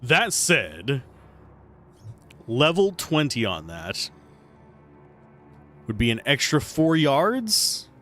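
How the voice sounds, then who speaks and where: A man's voice: medium pitch, wildly swooping pitch, very slow, long pauses, pushed and bright, soft background music. A man casually commentating while he plays a video game on a livestream, chatty and playful as he thinks aloud. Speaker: streamer playing a video game.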